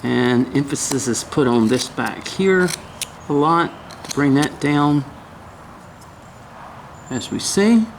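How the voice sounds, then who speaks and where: Folksy male carving teacher with a gravelly voice, mid pitch, chatty demo. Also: measured pace, slight background noise. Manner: folksy, hums and mutters while working. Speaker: woodcarving instructor. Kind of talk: casual step-by-step demonstration.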